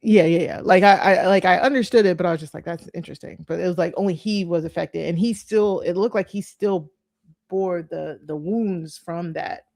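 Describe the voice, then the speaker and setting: A woman's voice: on the low side, normal speed, gravelly, no echo, studio quality. A woman co-hosting a podcast, chatting casually and animatedly, acting out her reactions. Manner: animated, laughing easily, acts out reactions. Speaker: podcast co-host. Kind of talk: casual recap chat.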